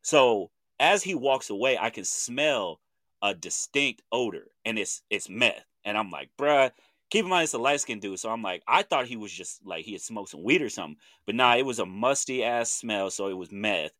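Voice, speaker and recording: A man in his thirties from Oklahoma with an Oklahoma accent, co-hosting a podcast and telling a story in animated casual chat, acting out what people said in slangy talk. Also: lowish voice, normal speed, no echo. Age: 30s. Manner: animated storytelling with slang, acts out quoted voices. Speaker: podcast co-host.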